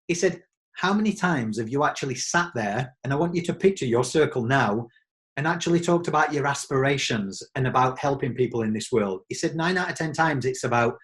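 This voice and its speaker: A man's voice: mid-range voice, animated, fairly quick, a bit bright. Enthusiastic English man hosting. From England. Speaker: podcast host. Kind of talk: casual chat.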